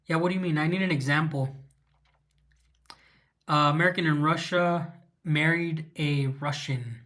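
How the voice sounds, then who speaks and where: A man's voice: on the high side, a bit bright. A man from Southern California with a Chicano English accent, hosting a casual livestream Q&A. He rambles, answers viewers' questions and stops to restart his sentences, with many ums. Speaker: livestream host. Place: living in Russia.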